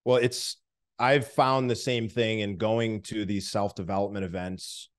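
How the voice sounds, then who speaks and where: Low-voiced reflective male host. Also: steady tone. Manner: measured, reflective, frequent quiet backchannels. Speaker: podcast host. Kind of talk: interview questions.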